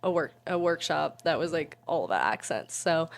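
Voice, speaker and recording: A woman's voice: low-pitched, expressive, moderate pace, vocal fry, hardly any pauses. A woman in her twenties, an interview guest and student, chatting casually in a bubbly, giggly way with many "like"s. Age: 20s.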